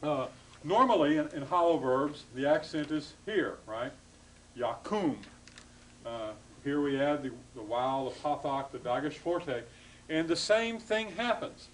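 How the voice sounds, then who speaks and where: A man's voice: on the high side, expressive, unhurried, slight background noise, low-quality recording. A man giving a classroom lecture to students, explaining patiently with frequent hesitations and restarts.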